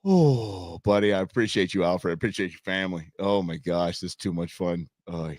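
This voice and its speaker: His voice is low and a little mellow, and he speaks at a normal speed while hosting a live show, chatting easily with viewers and laughing often in reaction to their comments. The dry recording is studio quality.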